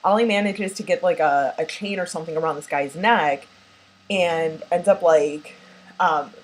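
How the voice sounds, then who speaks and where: A woman's voice: low voice, normal speed, low-quality recording. A woman casually recapping a horror film plot, rambling with lots of filler words and acting out characters' lines. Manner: animated, acts out characters' lines. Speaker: movie reviewer.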